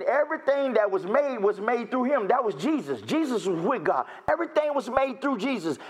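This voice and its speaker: Male preacher, high and husky, emotional testimony sermon with call-and-response. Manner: call-and-response asides, repeats phrases, rising to near-shouts.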